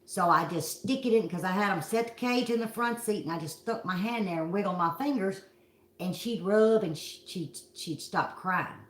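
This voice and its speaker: A woman's voice: medium pitch, moderate pace, echoey room. A middle-aged woman from Kentucky with a Southern accent, telling a story to her viewers in a folksy, dramatic way. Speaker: vlog host.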